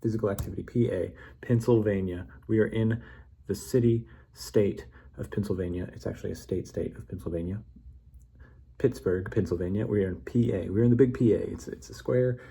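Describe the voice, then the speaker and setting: A man with a somewhat low, husky voice talks through a loose, rambling story of his own making. He sounds playful and keeps correcting himself along the way, in a mellow, relaxed tone. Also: brisk. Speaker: vlogger. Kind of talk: casual rambling monologue building a memory story.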